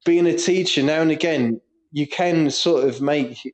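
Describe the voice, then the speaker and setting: A man co-hosting a casual football podcast, telling animated stories with lots of laughter and swearing. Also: fairly high pitch, unhurried. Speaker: podcast co-host; primary school teacher.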